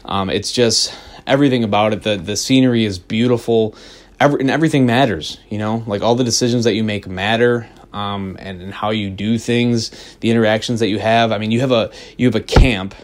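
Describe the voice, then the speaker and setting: A man on a podcast rambling excitedly about a video game, swearing freely and restarting his sentences. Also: fairly low pitch, a little fast. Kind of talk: casual podcast chat.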